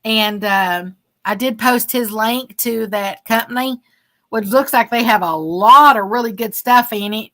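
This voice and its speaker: A woman, a bit hoarse, hosting a casual livestream and chatting along with many fillers as she thanks viewers. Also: a little high, a little slow, sharp tone. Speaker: livestream host.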